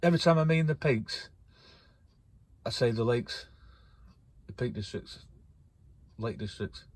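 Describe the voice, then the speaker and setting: A man's voice: medium pitch, measured pace, no echo. Sweary man ranting from his van. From North West England. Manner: sweary, rambling, worked up. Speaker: vlogger. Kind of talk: casual ranting vlog. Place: in a camper van.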